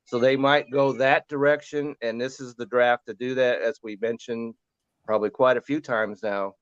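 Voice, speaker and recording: A man co-hosting a fantasy football show, giving relaxed, rambling draft analysis in casual chat. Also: medium pitch, moderate pace, clear, resonant tone, no room sound, highs cut off.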